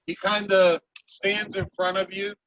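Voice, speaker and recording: A man narrating a tabletop game as game master, in a playful, animated way. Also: high-pitched, unhurried, muffled recording.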